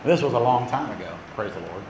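Middle-aged male pastor, folksy sermon storyteller, big sudden outbursts; booming echoey sanctuary with faint room noise. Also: expressive, fast talker. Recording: very echoey church hall.

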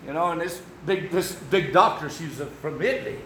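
An older Southern man preaching in a high-pitched, hollering voice, stretching his words and slipping into folksy asides. The sound is echoey, as if in a big room, with a faint hiss underneath. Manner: shouting, drawn-out exhortation with folksy asides. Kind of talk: sermon.

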